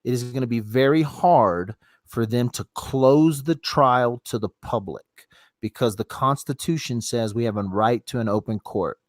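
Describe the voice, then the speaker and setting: A middle-aged man hosts a casual live stream from his phone and chats with callers in a loose, rambling way. He swears freely at an ordinary mid pitch. The sound is dry and close. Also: moderate pace, no echo. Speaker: livestream host taking callers.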